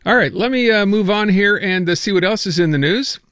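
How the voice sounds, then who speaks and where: A male radio host running a casual news segment, talking in a loose, joking way and tripping over his own words. His voice sits a little high for a man. It sounds close and dry. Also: fairly quick, fairly bright tone, dry recording. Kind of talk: casual talk radio banter.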